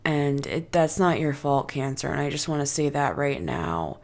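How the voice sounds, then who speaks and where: A woman giving a casual tarot reading, talking deliberately and meditatively straight to the listener. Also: deep voice, a little mellow. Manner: deliberately slow, meditative and talkative, addressing the listener directly. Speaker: tarot reader.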